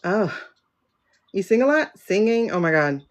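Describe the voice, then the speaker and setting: This livestream host, who also reads tarot, speaks a little slowly in a mid-range voice with big swings in pitch. Her casual chat wanders, and she frequently breaks off partway through her sentences.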